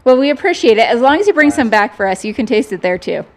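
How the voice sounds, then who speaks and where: A woman's voice: on the high side, big pitch swings, fast. A woman co-hosting live race commentary, conversational and encouraging. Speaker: livestream co-host.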